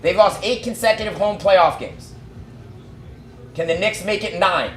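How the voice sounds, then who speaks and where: Guy doing fan play-by-play of a basketball game, really high voice, echoey room, fast excited calls. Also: slight background noise. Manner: rapid excited calls that rise to shouting at big plays. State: out of breath. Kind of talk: live play-by-play commentary.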